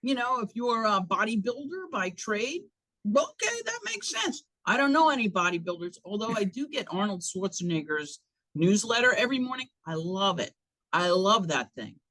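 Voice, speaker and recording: A woman's voice: medium pitch, animated, moderate pace, fairly bright tone, dry recording. A woman guesting on a podcast in a recording studio, talking in a wry, punchy, joking way. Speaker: podcast guest, chamber of commerce staff. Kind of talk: casual interview chat.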